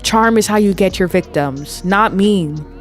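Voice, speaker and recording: A woman's voice: mid-range voice, a little slow, faint music behind, natural voice. A woman voicing a charming, mischievous vampire uncle who lectures a child on using charm. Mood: coaching. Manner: coaxing, lecturing a kid on charm. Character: smooth-talking adult male vampire uncle, mischievous mentor.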